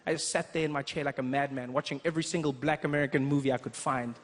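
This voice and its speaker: A man in his thirties with a South African accent, doing a playful stand-up set on a theater stage. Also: medium pitch. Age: 30s. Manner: animated, quick, playful storytelling. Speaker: stand-up comedian. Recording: echoey theater with crowd noise.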